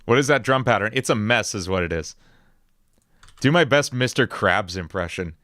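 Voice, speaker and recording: A man with a slight New York accent chatting casually on a livestream, animated and playful, often breaking into odd vocal noises. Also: fairly low pitch, normal speed, soft background music. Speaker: music streamer.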